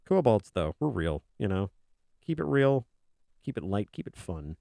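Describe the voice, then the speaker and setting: A man's voice: on the low side, sing-song, moderate pace, vocal fry, dark tone, no echo, clean studio sound. A man chatting casually on a stream, rambling and joking as if he were a kobold. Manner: rambling, joking, speaks as a kobold in his own voice. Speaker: art streamer. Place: indoors at a desk.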